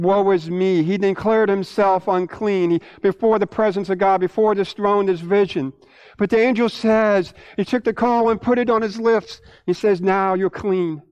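A man pastor preaching a sermon to his church, animated, repeating words and swinging between loud and hushed. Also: high-pitched, smooth, muffled recording.

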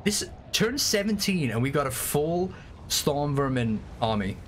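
A man livestreaming a strategy game, chatting casually and excitably with frequent swearing and rambling asides. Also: fairly high pitch, a little slow, slight background noise. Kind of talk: casual gameplay commentary. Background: faint game music.

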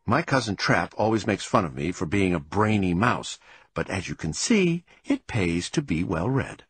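A man giving an expressive, animated first-person reading of a children's storybook. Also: sits low, moderate pace, husky, dry recording. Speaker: audiobook narrator.

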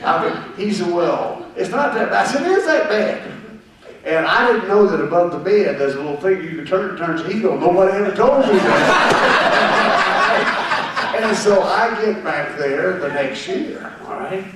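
A man's voice: high voice, expressive, normal speed. Wry man grumbling for laughs, echoey hall. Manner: plain-spoken, wry, complaining for laughs. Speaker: fellow caller speaking from the floor. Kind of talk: humorous anecdote to a live group. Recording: echoey room, voice from far off the mic, faint noise.

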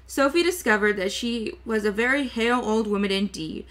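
A woman reading a novel aloud chapter by chapter, going slowly and carefully, stumbling now and then and correcting herself. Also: a little high. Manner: slow, careful reading with small slips and self-corrections. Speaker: VTuber book reader.

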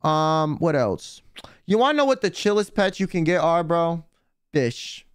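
Speaking a little slowly in a slightly high, sing-song voice, a man hosts a casual livestream full of rambling profanity, constant "like"s and dramatic emphasis. His voice is smooth and the recording dry.

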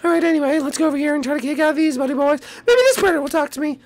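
A woman hosting a playful game role-play, excitably shouting repeated commands. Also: high voice, rapid-fire.

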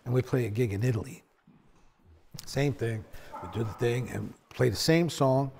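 A man, a bassist, telling stories in a sit-down conversation, acting out quotes with big swings in his voice. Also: normal speed, gravelly, a little hiss or hum. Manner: animated storyteller, acts out quotes with big pitch swings.

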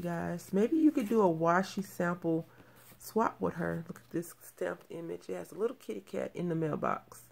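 Gushing woman with a gravelly low voice. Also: darkish tone. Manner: gushing, repeats her praise. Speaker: crafting channel host. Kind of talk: casual mail-call show-and-tell.

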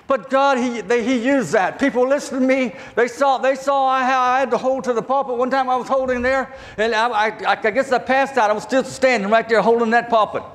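An older man with a Southern accent and a very high voice preaches a testimony sermon. He talks in a folksy, halting way and often doubles back on his words. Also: steady tone, fairly bright tone. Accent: Southern American. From southern Virginia, USA.

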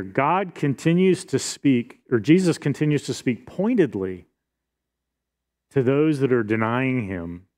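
Middle-aged male pastor, mid-pitched, earnest expository preacher. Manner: earnest expository preaching, reading scripture aloud. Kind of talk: sermon.

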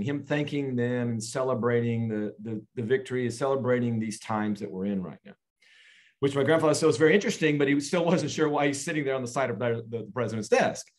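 A man, a guest in an interview, telling a family story earnestly and slowly with frequent pauses. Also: mid-range voice.

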